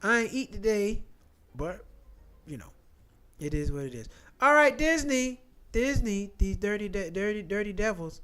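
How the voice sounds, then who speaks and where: A man who rants through the headlines in an animated, profane way, repeating his points. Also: high voice, moderate pace, clear, resonant tone. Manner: animated, profane, repetitive rant. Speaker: commentary channel host. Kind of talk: ranting commentary, reading headlines.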